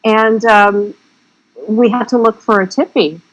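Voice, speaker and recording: A woman's voice: on the high side, steady tone, unhurried, poor audio. A woman guest on an interview podcast, chatting casually and rambling through her stories. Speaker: guest filmmaker.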